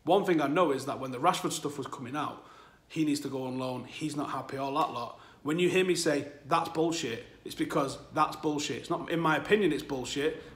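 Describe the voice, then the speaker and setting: Man, football channel host, candid casual chat, swears freely, fairly high voice, echoey room at home. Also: fairly quick, fairly bright tone. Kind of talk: casual monologue to camera. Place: at home, new flat.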